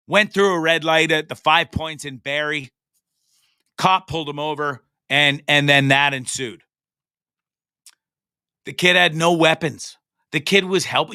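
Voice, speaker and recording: A man's voice: on the high side, sharp tone, dry recording, studio quality. A Canadian man in his forties hosting a show, delivering an angry, profane, repetitive rant, stammering as he gets fired up. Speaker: host. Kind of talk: impassioned solo rant. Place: studio.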